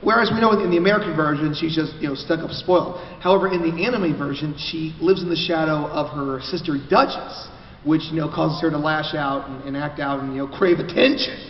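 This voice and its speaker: A man moderating a convention panel, chatty and joking as he stumbles through restarts. His voice sits a bit high and reaches the mic from a distance. The big hall gives it long reverb and a dull, lo-fi tone. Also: fairly quick, slight background noise. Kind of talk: casual convention panel talk.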